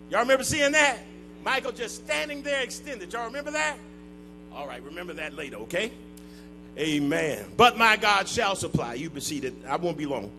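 A male pastor preaching a sermon in call-and-response style, building to shouts and chanted, sung-out lines in a church. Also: fairly high pitch. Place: church sanctuary.

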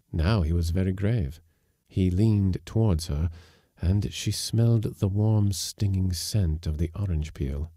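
A man narrating a short story in a measured, calm reading. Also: deep voice, no echo, studio quality.

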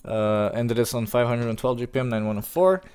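A man streaming an online game, chatting casually with his teammates, teasing and joking, and now and then breaking into loud cheers. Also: medium pitch, brisk, smooth. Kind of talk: casual gaming commentary.

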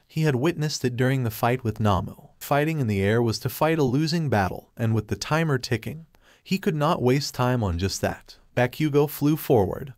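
A man narrating a fanfiction story aloud at a steady, even pace. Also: mid-range voice, no echo, clean studio sound.

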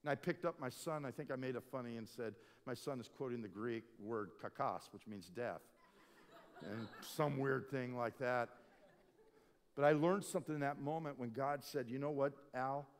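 A middle-aged man preaching as a lead pastor, telling stories with big swings from hushed to loud. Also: medium pitch, normal speed. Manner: animated storytelling, swinging from quiet to loud. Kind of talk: sermon. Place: conference hall. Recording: long reverb of a large hall.

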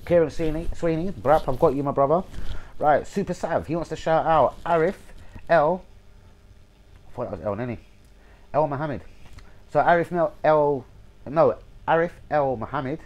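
Man, young adult, football vlog host, casual shout-outs, swears, fumbles names. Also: a little high, moderate pace, long pauses. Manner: chatty, swears a lot, stumbles over names.

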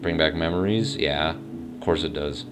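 Very low male voice, casual let's-play host, rambling and unsure, faint music underneath. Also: measured pace. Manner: rambling, unsure, thinks aloud. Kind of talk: casual gameplay commentary. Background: faint game music.

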